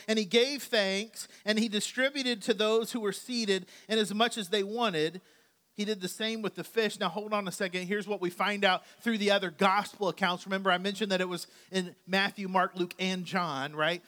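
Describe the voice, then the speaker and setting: A man's voice: high-pitched, pushed and bright. A male pastor preaching a conversational sermon, with chatty, joking asides to his congregation.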